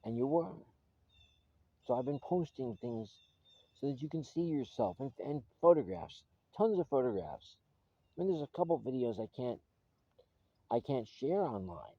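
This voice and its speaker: A man's voice: medium pitch, mellow, slightly rough, dull audio. A man recording a personal video message to his estranged wife, earnest and pleading, often restarting his sentences.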